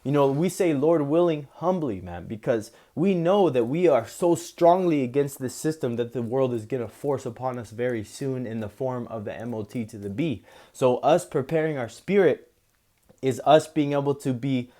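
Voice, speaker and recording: A male preacher works through scripture line by line. He gives the verses slow, deliberate weight. His commentary is relaxed and conversational, sprinkled with "you know" and "man.". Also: medium pitch. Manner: slow solemn reading, then loose casual talk with frequent "you know" and "man".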